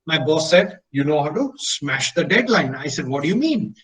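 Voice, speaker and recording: A middle-aged man with an Indian English accent tells a business story to inspire listeners. He has a fairly high voice and acts out every speaker in the dialogue. The mic sits a little way off from him. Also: normal speed, distant mic, poor audio. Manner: animated storyteller acting out dialogue. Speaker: motivational speaker. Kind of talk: motivational storytelling talk.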